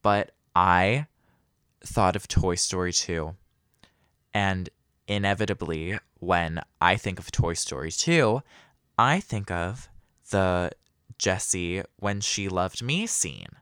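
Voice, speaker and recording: A man's voice: deep voice, slow pace, fairly bright tone, smooth, dry recording, clean studio sound. A young man hosting a casual solo podcast, rambling and self-deprecating with lots of fillers. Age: young adult. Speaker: podcast host.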